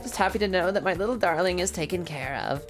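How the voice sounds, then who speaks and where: A woman voicing a gentle, content older mother ghost who speaks softly and fondly. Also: lowish voice, quick pace, soft background music, natural voice. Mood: doting.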